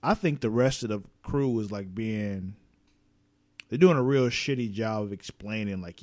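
A man's voice: fairly low pitch, normal speed. A man in casual chat about a TV episode, swearing freely and acting out the characters' lines in quotes. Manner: profane, animated, acts out characters' lines in quotes.

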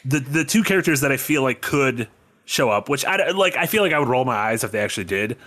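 A man co-hosting a casual film podcast over a video call, animated and joking as he steers the talk. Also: mid-range voice, fast. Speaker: podcast co-host.

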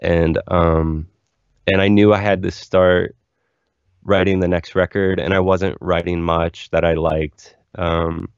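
A man's voice: low-pitched, level tone, slow, clean tone, no echo, muffled recording. A young man, a musician guest, telling stories in a candid, rambling way full of "like" fillers. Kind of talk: casual interview storytelling.

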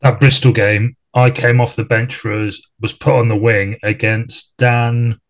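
A man's voice: mid-range voice, little pitch movement, unhurried. A man hosting a podcast, chatting casually with a former teammate in a friendly, joking and self-deprecating way. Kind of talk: casual chat.

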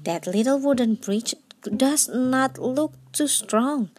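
A woman's voice: high voice, animated, takes it slowly, a little mellow, a little hiss or hum. A woman doing a tiny, brave billy goat. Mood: pleading. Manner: brave pleading.

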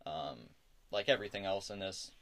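A man's voice: low voice, normal speed, fairly bright tone. A man narrating a tabletop role-playing game as game master, hesitant, with many fillers.

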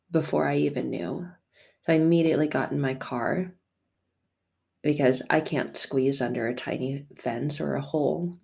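A woman telling an emotional personal story, raw and tearful at times, swinging from hushed to loud. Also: deep voice, creaky.

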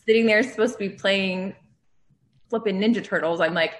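A woman's voice: mid-range voice, fairly even intonation, a little fast. A woman in her thirties, a guest on a podcast, chatting casually and laughing at herself. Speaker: guest, author. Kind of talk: casual chat.

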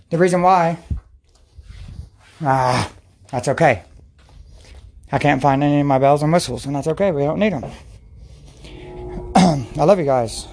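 A man's voice: a little high, a little mellow. A man hosting a casual faith podcast, talking in an earnest, rambling way with many restarts and praying aloud. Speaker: podcast host.

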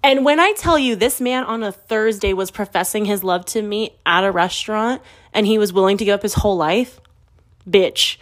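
Thirties woman venting about dating, cursing a lot, blunt and brash, mid-pitched voice. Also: normal speed. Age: 30s. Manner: brash, profane and blunt, with quoted asides. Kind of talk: candid storytelling chat.

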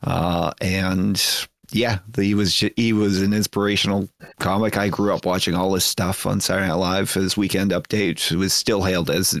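A man's voice: sits low, level tone, moderate pace, few pauses, no echo, studio quality. A man co-hosting a podcast, chatting casually and rambling with lots of filler words. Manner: rambling, heavy with "you know" fillers. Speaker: podcast co-host. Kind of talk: casual chat.

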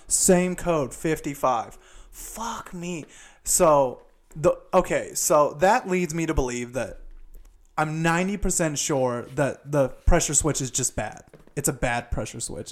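A man hosting a podcast, telling an exasperated, profane story in a casual ranting monologue while making pasta at home. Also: fairly high pitch. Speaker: podcast host; HVAC installer.

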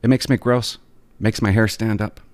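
A man talking straight to his viewers in an exasperated, animated way, ranting about his pet peeves and telling stories. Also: lowish voice, moderate pace, dry recording. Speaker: vlogger. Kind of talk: casual ranting monologue.

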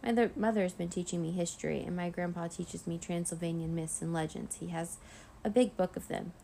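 A woman's voice: fairly low pitch, steady tone, a little fast, creaky, mellow, slight background noise. A woman voicing a young boy vampire in a storybook read-aloud, awkward and stammering as he tries to fit in. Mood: nervous. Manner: hesitant, stammering.

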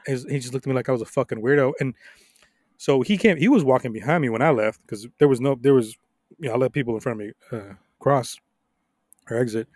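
A young adult man co-hosting a podcast, telling stories in a casual, profane, animated way with frequent laughs. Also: mid-range voice, quick pace, dry recording, clean studio sound. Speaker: podcast co-host.

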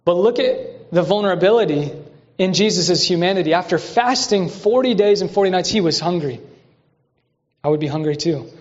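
A man with a high voice preaching as pastor, energetic and leading the congregation in call and response. His words ring out with a long reverb through a large church hall. The recording sounds muffled and lo-fi. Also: normal speed. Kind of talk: sermon.

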